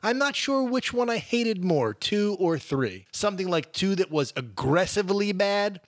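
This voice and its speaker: A man's voice: high voice, lively intonation, normal speed, no room sound. A man co-hosting a podcast, casually reviewing movies with wry, dry jokes. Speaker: podcast co-host.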